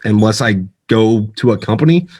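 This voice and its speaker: A man's voice: on the low side, normal speed, darkish tone, lo-fi sound. A man speaking as a podcast guest and author, rambling and profane with lots of fillers. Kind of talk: casual podcast chat.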